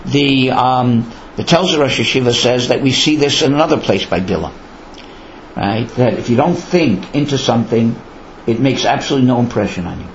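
A man's voice: medium pitch, moderate pace, a little hiss or hum. A man teaching a Torah lecture in a conversational way, often asking rhetorical questions. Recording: roomy, dull lo-fi with faint ambience.

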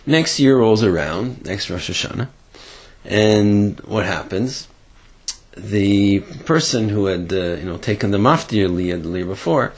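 A man, casually telling a story with halting restarts and a voice that jumps high on quoted lines. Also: creaky, breathy edge.

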